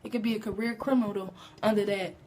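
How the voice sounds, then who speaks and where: A woman livestreaming a profane comic story on her phone, rambling and growing loud and shrill when worked up. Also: steady tone, fast, background noise. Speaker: livestream comedian. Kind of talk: comic storytelling on a live stream.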